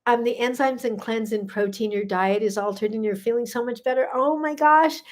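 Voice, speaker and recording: A woman's voice: fairly high pitch, fairly even intonation, brisk, darkish tone. A middle-aged woman, a gut health coach, chatting casually on a live stream and answering viewer comments, effusive and full of "um"s. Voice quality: effusive, gushing, with many fillers.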